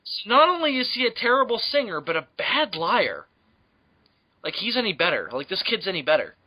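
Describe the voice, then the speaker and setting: A young man co-hosting a podcast, loud and crude, laughing a lot as he jokes. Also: high voice, very animated, fairly quick. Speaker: podcast co-host. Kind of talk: crude comedy banter.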